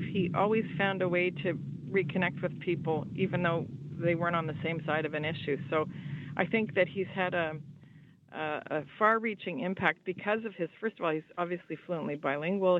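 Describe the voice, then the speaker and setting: A woman, a former politician, recalling a late colleague in a radio interview by phone, reflective and halting. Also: fairly low pitch. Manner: reflective, with many fillers and restarts. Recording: tinny phone line with faint noise.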